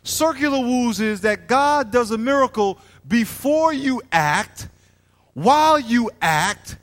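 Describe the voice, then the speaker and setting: A man preaching a lively sermon as pastor, acting out small scenes and calling on the congregation to answer him. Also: very high voice, slow pace. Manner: animated preaching, plays out little scenes and asks the crowd to respond. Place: church hall. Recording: long hall reverb.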